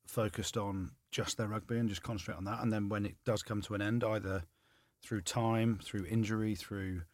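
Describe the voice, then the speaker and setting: A man in his forties with a lowish voice, talking in casual podcast banter as a retired rugby player. He ribs his friends and gets loud when he jokes. The sound is close and dry. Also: moderate pace, no room sound. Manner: teasing, loud and lively when joking.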